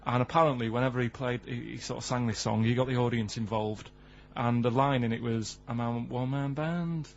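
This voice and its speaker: A man with a Manchester accent, deadpan and rambling as he tells odd stories in studio banter. The recording is dull and lo-fi, with a faint hum underneath. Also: mid-range voice, a little fast, hardly any pauses. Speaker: radio show regular. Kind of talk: radio comedy banter. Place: radio studio.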